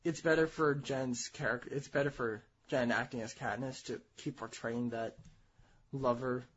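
A man's voice: medium pitch, steady tone, normal speed, fairly bright tone, breathy edge. A young man co-hosting a casual chat show, teasing and joking with his co-host. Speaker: podcast co-host. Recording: dull lo-fi recording.

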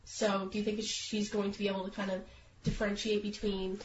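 A sick young woman chatting as co-host, flat and monotone, with plenty of ums. The recording is dull and lo-fi, and her voice rings in a roomy space. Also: mid-range voice, a little fast, a little hiss or hum. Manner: flat, monotone delivery with fillers. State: sick, congested. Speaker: podcast co-host. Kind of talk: casual chat.

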